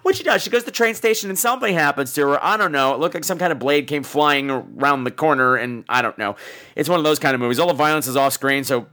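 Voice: mid-range voice, fast, pushed and bright. A podcast host ranting sarcastically about a bad movie, swearing freely and repeating words for emphasis.

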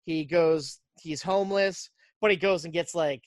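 A podcast host casually recapping a movie plot, telling it in an animated way and slipping into quick character voices. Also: mid-range voice, no echo, studio quality.

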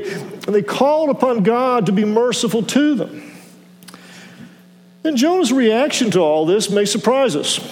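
Man, pastor, sermon, halting restarts, high-pitched, echoing sanctuary. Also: darkish tone. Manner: measured preaching with halting restarts.

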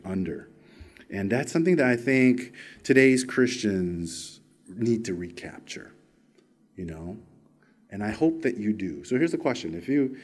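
A man preaching a sermon earnestly and emphatically, often dropping to a soft near-whisper. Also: on the high side.

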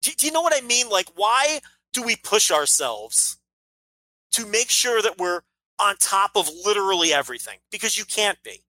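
A man's voice: sits high, very animated, moderate pace, pushed and bright, no room sound, poor audio. A man co-hosting a casual podcast, opinionated and ranting, swearing freely as he makes his case. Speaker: podcast co-host.

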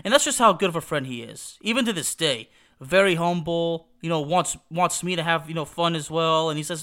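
Bright, clear-voiced rambling male podcaster. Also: on the high side, brisk. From Texas. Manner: rambling, many restarts and "you know". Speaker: podcast host. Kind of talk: casual nostalgic monologue.

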